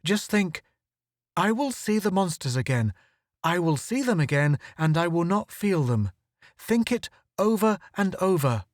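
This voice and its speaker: A man reading aloud puts on a tense young space reporter, pitched noticeably higher than the narration and pushing hard to be heard. He sounds urgent and commanding, and the voice sits close and dry with no room around it. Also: sing-song, a little slow, no echo. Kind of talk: audiobook character reading.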